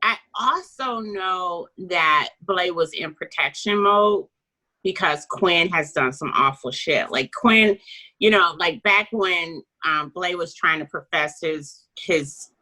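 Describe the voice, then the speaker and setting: A woman co-hosting a casual book club chat, animated and chatty, with quick asides and the odd swear. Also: fairly low pitch, poor audio.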